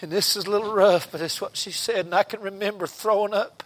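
A man preaching a revival sermon, telling stories in a folksy way and rising into shouted exhortation. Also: high voice, fairly even intonation, fast talker.

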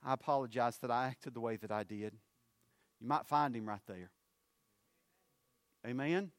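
A man, preaching a sermon. His loud, rising appeals drop to low, hushed phrases. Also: brisk, no echo.

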